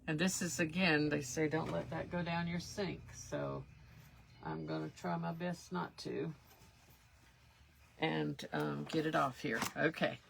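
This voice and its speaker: A woman's voice: sits low, steady tone, unhurried, gravelly, slight background noise. A woman hosting a live craft demonstration, chatting in a rambling, self-deprecating way as she works. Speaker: craft livestream host.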